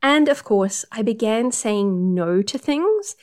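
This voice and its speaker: A woman's voice: fairly high pitch, expressive, takes it slowly, a little mellow. A woman working as a period coach, talking through numbered tips in an upbeat, casual advice monologue.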